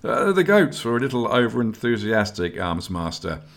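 A man's voice: fairly low pitch, very animated, normal speed, voice pushed up. A man voicing an easygoing, good-humoured young male novice. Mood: amused.

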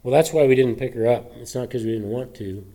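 A man, a pastor, preaching a conversational sermon with many fillers and restarts, his throat a little rough and choked up. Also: medium pitch, quick pace, warm tone. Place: church sanctuary.

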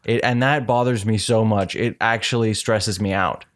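Man, lowish voice, relaxed casual talker, filler-heavy. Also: normal speed. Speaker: conversation partner. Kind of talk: casual chat.

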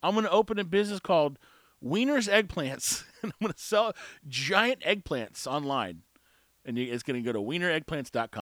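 A man's voice: a little high, expressive, moderate pace, fairly bright tone, no echo, clean studio sound. A man talking casually on his own, rambling, opinionated and laughing at his own jokes. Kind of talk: casual solo talk.

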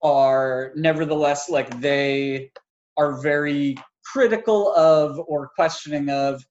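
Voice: medium pitch, takes it slowly, darkish tone, highs cut off. A podcast co-host in a casual film review chat, rambling with lots of filler words and frequent laughs.

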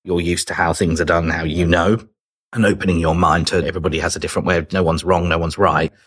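Man, middle-aged, podcast guest: very low husky voice, chatty and easy-laughing. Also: little pitch movement, fast. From Britain. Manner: chatty, laughs easily, acts out remembered dialogue. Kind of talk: casual podcast conversation.

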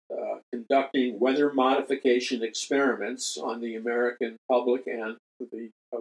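A man's voice: medium pitch, rough recording. An older man delivers a talk radio monologue as host of a religious show. His mid-range voice is emphatic, and he repeats key phrases to drive the point home and appeals earnestly to his listeners.

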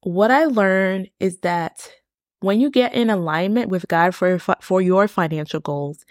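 A woman's voice: medium pitch, measured pace, no room sound, clean studio sound. A woman hosting a faith-based podcast, talking casually, often laughing and saying "like" and "y'all". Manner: chatty, laughs often, many "like" and "y'all" fillers. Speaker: podcast host.

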